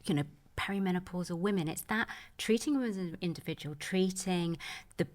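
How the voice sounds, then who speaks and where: A woman's voice: fairly low pitch, brisk, a little mellow. A woman speaking as a menopause expert guest on a podcast, earnest and reassuring, with plenty of "you know". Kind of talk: podcast conversation.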